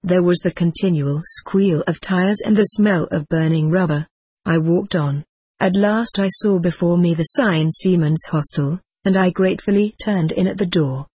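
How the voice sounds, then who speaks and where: Husky, measured audiobook narrator. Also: medium pitch, a little mellow, no room sound. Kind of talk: scripted first-person narration.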